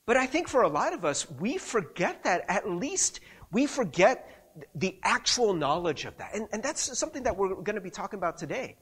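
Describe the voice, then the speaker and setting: A man's voice: high-pitched, big pitch swings, moderate pace, a bit bright, husky. A man preaching a sermon in a conversational way, often checking in with his listeners and restarting his sentences. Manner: conversational, frequent rhetorical "right?" and restarts. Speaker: pastor.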